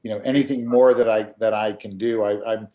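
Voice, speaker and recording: A middle-aged man with a somewhat low voice speaks earnestly in a casual online community meeting, heard over a video call. He talks haltingly and often repeats a word or two before finishing a thought. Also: fairly even intonation, dark tone. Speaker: graphic designer and community volunteer.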